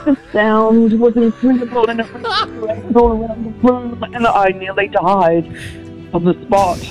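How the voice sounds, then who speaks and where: A woman calling in to a radio show, telling her story in a sheepish, halting way. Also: a little high, over music. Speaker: caller. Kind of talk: on-air call-in confession. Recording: dull, dry phone line.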